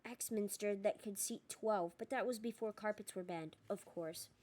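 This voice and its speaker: A woman's voice: mid-range voice, moderate pace, darkish tone, natural voice. A stiff elderly official speaks in short, dry, impatient phrases, voiced by a woman reader. The reading is firm and buttoned-up, in a storybook narration. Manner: curt, dry.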